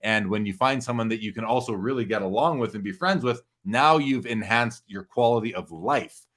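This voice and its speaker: A man's voice: on the low side, a little fast, fairly bright tone. A man hosting a live sports card show, talking earnestly and reflectively with his guest and reading viewer comments.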